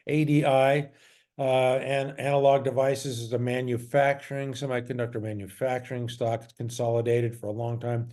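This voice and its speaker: Mellow-voiced man talking through stock charts. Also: mid-range voice, flat delivery, normal speed. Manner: loose and chatty, with frequent fillers and self-corrections. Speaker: stock trader reviewing his trades. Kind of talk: casual chart walkthrough.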